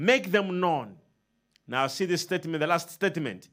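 Preacher, male, high and lively voice, leads call-and-response, emphatic swings from loud to soft. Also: moderate pace.

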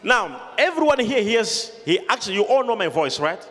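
High, lively preacher man shouting. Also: normal speed. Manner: emphatic call-and-response preaching, often shouting. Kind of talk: sermon. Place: large hall with a congregation. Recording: reverberant hall, crowd noise behind.

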